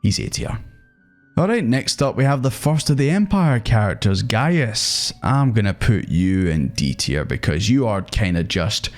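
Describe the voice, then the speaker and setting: A young man hosting a gaming video ranks characters in a casual tier list, chatting animatedly and swearing now and then. His voice is fairly low and his pace normal, with faint music playing behind him.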